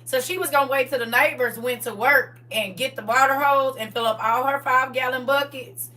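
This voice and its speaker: A woman of about forty telling stories from her past in a casual, animated way, full of slang and laughter. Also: high voice, fairly quick, far from the mic. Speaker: livestream co-host. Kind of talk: casual storytelling chat.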